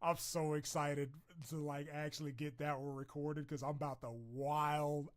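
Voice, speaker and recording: Male streamer, slightly high voice, rowdy and profane, laughs a lot, casual live chat. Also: little pitch movement, measured pace. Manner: loud, laughing, profane, swings from shouting to mumbling.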